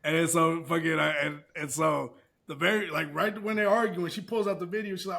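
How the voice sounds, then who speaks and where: A man's voice: on the high side, steady tone, brisk, creaky, hardly any pauses, bright, forceful tone. A man co-hosting a podcast in casual chat, telling crude, rambling stories with many restarts. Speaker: podcast co-host.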